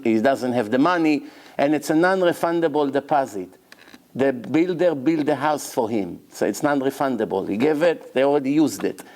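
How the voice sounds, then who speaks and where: A rabbi gives a Torah lecture and tells a long personal story. His gravelly voice sits a little high and swings widely in pitch as he plays out the dialogue. He jumps between his own voice and the people he quotes. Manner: animated storyteller, acts out both sides of dialogues.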